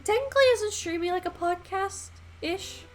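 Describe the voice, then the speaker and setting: A woman's voice: very high voice, animated, moderate pace. A young woman streaming while she paints, chatting in a rambling way with lots of fillers and the odd swear word. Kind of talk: casual chat while painting on a live stream.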